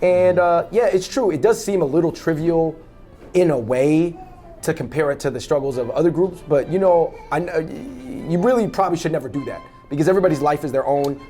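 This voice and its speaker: A man's voice: on the high side, fairly quick, dark tone, soft background music. Rambling young man chatting in a dessert shop. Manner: rambling, lots of fillers and restarts. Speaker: web video host. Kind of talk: casual interview chat.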